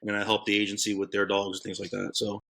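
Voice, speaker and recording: A man's voice: on the low side, monotone, fast, gravelly, pushed and bright, breathy edge. A man in his thirties from Florida, a guest telling his story in casual chat, rambling with many fillers. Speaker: podcast guest, K9 handler.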